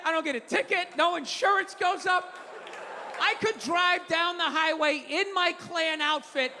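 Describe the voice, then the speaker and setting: Male stand-up comic, profane rant, high loud voice, long hall reverb, roaring crowd. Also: a little hiss or hum. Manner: profane ranting, loud outbursts. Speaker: stand-up comedian. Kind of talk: stand-up comedy. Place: comedy venue stage. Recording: live show in a large hall with audience.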